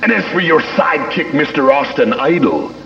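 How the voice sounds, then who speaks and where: A man's voice: on the high side, animated, moderate pace, vocal fry, fairly bright tone. A man cutting a boastful, taunting wrestling promo, mocking his rivals. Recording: echoey, dull 1980s TV tape with music.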